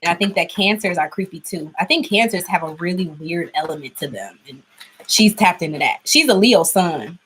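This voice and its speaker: A woman's voice: fairly low pitch, animated, moderate pace, fairly bright tone, a little hiss or hum, rough recording. A young adult woman chatting casually through a tarot reading, laughing often. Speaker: tarot reader.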